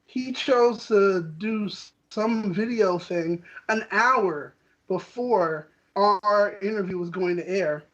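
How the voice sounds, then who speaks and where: A man's voice: high voice, slow pace, fairly bright tone, lo-fi sound. Heated man ranting on a podcast. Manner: heated, indignant, quotes people in voices. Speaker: co-host. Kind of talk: casual podcast rant.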